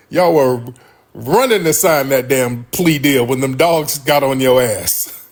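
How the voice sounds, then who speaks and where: A man's voice: on the high side, slow pace, long pauses. Laughing, profane livestream host, man. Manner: loud laughing, profane banter. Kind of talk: casual live-stream banter.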